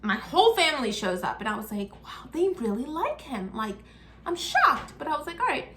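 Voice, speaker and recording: A woman's voice: high-pitched, big pitch swings, moderate pace, heavy background noise. A young woman telling a personal story in a casual vlog, chatty and acting out the dialogue as she retells it. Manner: chatty, acts out quoted dialogue in her retelling. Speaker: vlogger. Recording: echoey room.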